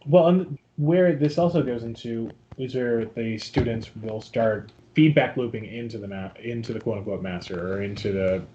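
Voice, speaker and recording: A man's voice: medium pitch, darkish tone, lo-fi sound, a little hiss or hum. A man co-hosting a casual podcast, making wry, joking asides. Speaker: podcast co-host.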